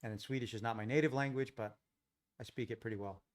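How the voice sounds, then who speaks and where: A man's voice: medium pitch, quick pace. An American man from Los Angeles hosting a live trading stream, chatting casually, thinking aloud and answering viewers in the chat. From Los Angeles, USA.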